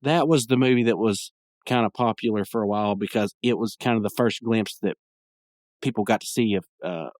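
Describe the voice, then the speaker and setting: A young man delivers casual solo commentary on his podcast, rambling through a cartoon recap and chuckling as he acts out lines. He talks fairly quickly in a fairly low, slightly mellow voice, recorded dry at studio quality.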